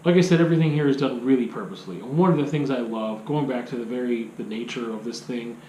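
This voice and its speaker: A man's voice: medium pitch, quick pace, dark tone, echoey room, a little hiss or hum, rough recording. A man giving a casual film review, rambling, with many restarts and rhetorical questions.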